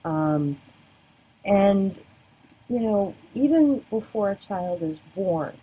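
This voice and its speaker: A woman's voice: expressive, takes it slowly, dark tone, husky, poor audio. A woman giving a sociology lecture in a conversational way, often checking in with "right?" and acting out quoted voices. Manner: conversational, keeps asking "right?"; acts out quoted voices with big pitch jumps. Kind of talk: recorded lecture. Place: the Bay Area.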